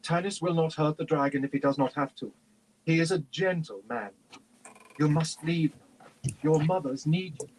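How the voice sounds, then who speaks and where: A man's voice: a little high, normal speed, darkish tone, voice pushed up, lightly acted, low-quality recording. A man voicing a chieftain's daughter who speaks in a firm, commanding way. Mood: urgent.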